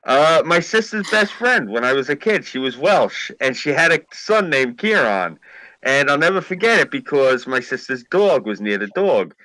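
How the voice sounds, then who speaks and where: A man's voice: mid-range voice, sing-song, moderate pace, pushed and bright, no echo, low-quality recording. A man hosting a live stream, chatting casually and telling rambling, profane stories.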